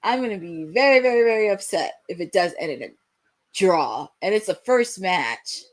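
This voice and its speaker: Calling the action at a moderate pace in a mid-range voice, a young woman leads a live wrestling watch-along. She gets worked up as she goes, breaking into shouts at the key moments.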